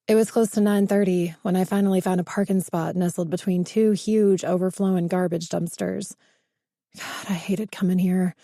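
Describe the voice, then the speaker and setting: Woman audiobook narrator, first-person thriller, dark mellow voice, suspenseful. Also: fairly low pitch, fairly even intonation, moderate pace, no room sound, studio quality.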